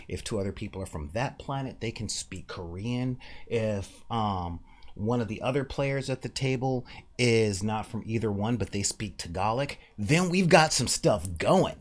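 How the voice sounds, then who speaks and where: Guy hosting a tabletop gaming chat, casual, emphatic, animated, drops into quick joke voices. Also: on the low side. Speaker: podcast host.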